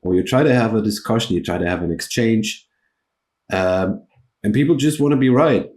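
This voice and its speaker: Low, mellow-voiced man interviewing. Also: normal speed. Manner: hesitant, with many restarts and ums. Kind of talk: conversational interview.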